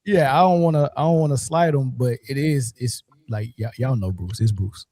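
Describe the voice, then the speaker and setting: A man's voice: mid-range voice, normal speed, dark tone, dry recording. A man hosting a sports podcast in casual chat, joking and sometimes stumbling over his words. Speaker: podcast host.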